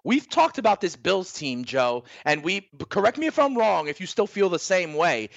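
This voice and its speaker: Male co-host, gravelly and animated, casual betting chat, dry muffled studio sound. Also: sits high, normal speed, no room sound. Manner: conversational, asks for agreement with "right?". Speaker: sports betting show co-host. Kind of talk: casual sports betting talk.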